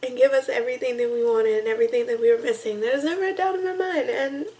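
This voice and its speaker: A young woman vlogging to camera, emotional and tearful, talking in halting, rambling sentences full of restarts. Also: on the high side, warm tone, rough recording. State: tearful, crying on and off. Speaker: vlogger reacting to music. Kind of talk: casual emotional talk to camera.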